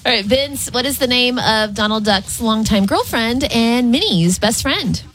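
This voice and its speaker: A woman's voice: a little high, animated, a little slow, a bit bright, faint music behind. Giggly woman co-hosting morning radio. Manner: giggly, teasing. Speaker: radio co-host.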